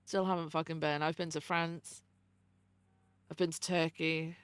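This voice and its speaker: A woman's voice: sits low, level tone, unhurried, clear, resonant tone, no echo. A young adult woman streamer chatting casually with her viewers, greeting them by name and swearing freely. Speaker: livestreamer.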